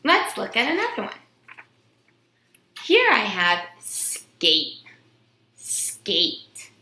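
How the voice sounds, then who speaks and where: A woman's voice: mid-range voice, pushed and bright, echoey room, a little hiss or hum. A woman teaching a phonics lesson to young children, stretching out words and sounds and answering her own questions in a sing-song way.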